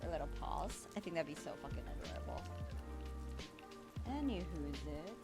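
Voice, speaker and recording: Woman streamer, casual livestream chat, bubbly, lively pitch, music in background. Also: normal speed. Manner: bubbly, chaotic, talks to chat.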